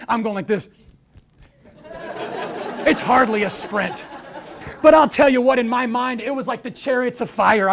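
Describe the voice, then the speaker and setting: An American man giving an inspirational talk, with a gravelly edge in his voice. He tells stories and acts out the lines of the people in them. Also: high voice. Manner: storytelling, acts out quoted voices. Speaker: speaker.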